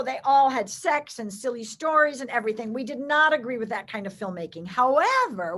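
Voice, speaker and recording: A woman recounts faith stories as an interview guest. Her voice sits high and moves through a wide, lively range. She brings each quoted line to life as she tells it. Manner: expressive, acts out quoted voices. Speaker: guest storyteller. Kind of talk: animated faith storytelling.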